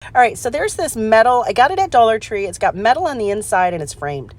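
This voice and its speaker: A woman hosting a casual craft demonstration, chatty and excitable, laughing at her own mistakes and filling pauses with "um". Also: on the high side. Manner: chatty, excitable, self-deprecating, lots of "um". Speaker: craft channel host.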